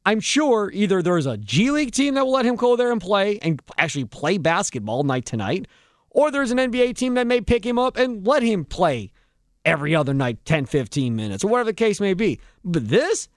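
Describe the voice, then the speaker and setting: Animated man ranting on sports talk. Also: high-pitched, a little fast, no room sound, studio quality. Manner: animated, heated rants. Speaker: sports radio host.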